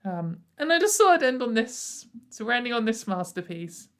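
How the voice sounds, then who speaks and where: A woman's voice: fairly high pitch, big pitch swings, moderate pace. A woman hosting a casual commentary show, mocking what she reads out and laughing often. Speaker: commentary channel host.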